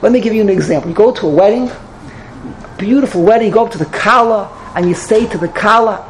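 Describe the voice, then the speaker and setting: A woman teaching a Torah lecture in an animated storytelling manner, with sudden high exclamations and many Hebrew and Yiddish terms. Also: quick pace, a little hiss or hum, low-quality recording.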